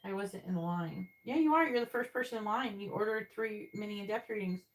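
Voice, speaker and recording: A woman's voice: mid-range voice, fairly even intonation, a little fast. A woman giving tarot readings on a live stream, chatting directly with viewers in the chat. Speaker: tarot reader.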